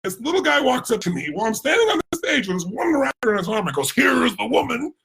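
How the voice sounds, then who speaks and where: An American man giving a motivational talk, telling a story with animated, emphatic delivery and acting out the voices of people in it. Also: extremely high pitch, rapid-fire. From United States. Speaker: motivational speaker. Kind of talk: energetic storytelling speech.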